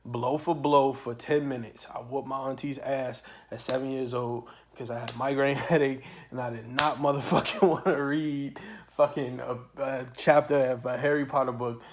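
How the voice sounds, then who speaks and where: Man swearing through an animated story. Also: mid-range voice, normal speed, slight background noise. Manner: profane, animated storytelling with sudden loud outbursts. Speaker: channel host. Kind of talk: storytime monologue.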